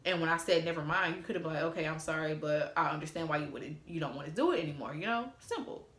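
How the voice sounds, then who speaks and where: A woman's voice: low-pitched, quick pace, a bit bright. Sassy young woman venting in a roomy room. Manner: sassy, profane, exasperated retelling; talks straight to viewers. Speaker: storytime vlogger. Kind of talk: casual storytime. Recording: roomy echo.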